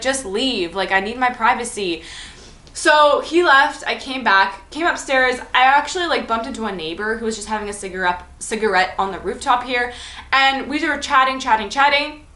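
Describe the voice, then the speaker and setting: A woman's voice: on the high side, sharp tone, roomy sound. A young woman chatting animatedly through a storytime vlog, full of fillers and acted-out dialogue. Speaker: vlogger.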